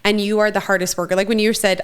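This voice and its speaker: A woman's voice: mid-range voice, little pitch movement, fast, clean tone. Earnest woman podcast co-host. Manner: warm, effusive praise, earnest. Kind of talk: casual chat.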